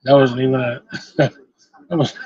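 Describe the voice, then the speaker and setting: A man's voice: mid-range voice, fairly even intonation, a little slow, darkish tone, husky, no room sound, muffled recording. A man hosting a trading card live stream, chatting casually and teasing in joking banter.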